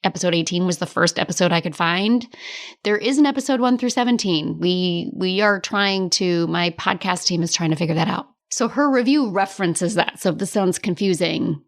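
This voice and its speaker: A woman's voice: fairly low pitch, normal speed. Chatty woman podcast host coaching. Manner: chatty and animated, laughs often; tough-love directness, casual swearing. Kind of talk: casual solo podcast talk.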